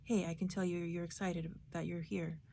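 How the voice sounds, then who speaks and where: A woman's voice: on the low side, little pitch movement, moderate pace, gravelly, dark tone, a little hiss or hum. Woman voicing a rambling chatty presenter man. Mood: breezy. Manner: rambling small talk. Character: overly chatty man opening a video-call talk.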